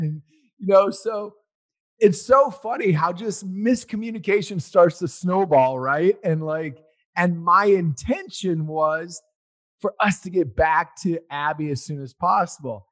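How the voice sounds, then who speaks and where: A man in his forties telling a personal story in a casual, rambling way, getting loud and animated as he relives it. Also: high-pitched, measured pace.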